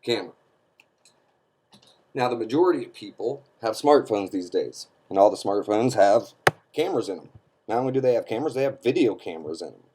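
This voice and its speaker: A man delivers a scornful opinion rant straight to camera. His voice sits on the low side and has a dark, mellow tone. He presses his points hard and keeps checking in with his listeners. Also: expressive, fairly quick, slight background noise. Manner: emphatic, scornful, keeps asking "okay?". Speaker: online commentator.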